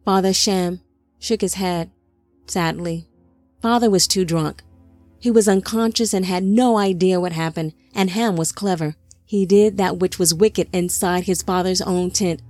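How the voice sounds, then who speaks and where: A woman narrating a scripted biblical-style story in a measured storytelling manner. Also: lowish voice, darkish tone, no echo, faint music behind.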